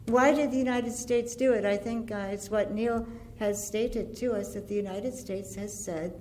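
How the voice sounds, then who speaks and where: A woman giving an impassioned antiwar speech, earnest and deliberate, building her points through lists. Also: medium pitch, fairly even intonation, darkish tone. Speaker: antiwar activist speaker.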